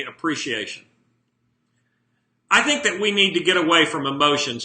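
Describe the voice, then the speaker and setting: A man's voice: fairly high pitch, sharp tone, echoey room. A man speaking as a motivational speaker in a live video monologue from his home office, talking bluntly and emphatically and putting direct questions to his viewers.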